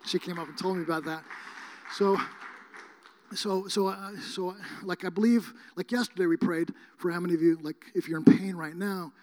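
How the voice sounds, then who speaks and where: High-voiced preacher telling rambling stories. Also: male voice, fairly even intonation, moderate pace. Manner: rambling storytelling, many fillers and restarts; emphatic, rises to near shouting at times. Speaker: guest preacher. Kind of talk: sermon.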